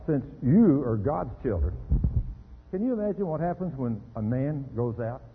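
Husky preacher on tinny radio. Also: male voice, mid-range voice, moderate pace. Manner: animated, rhetorical questions, acts out quoted voices. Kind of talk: radio sermon. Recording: tinny phone-like radio broadcast with reverb.

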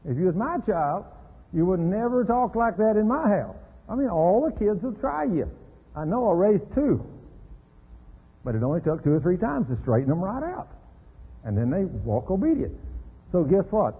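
Husky preacher on tinny radio. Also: male voice, high-pitched, moderate pace. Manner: animated, rhetorical questions, acts out quoted voices. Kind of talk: radio sermon. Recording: tinny phone-like radio broadcast with reverb.

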